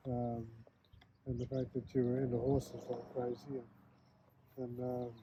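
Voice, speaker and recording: An older man hosts a casual conversation, looking back on old times. His voice sits at an everyday middle pitch, and his talk wanders, with frequent restarts and soft chuckles. A faint noise runs under the recording. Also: completely flat delivery, a little slow. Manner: rambling, repeats words and restarts sentences, chuckles often. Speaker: host. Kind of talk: casual reminiscing chat.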